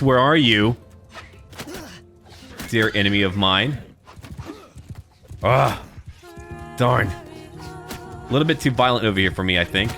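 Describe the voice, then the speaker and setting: A man's voice: mid-range voice, fairly bright tone. A man giving casual let's-play commentary, chatty and playful, thinking aloud as he plays. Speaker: gameplay commentator.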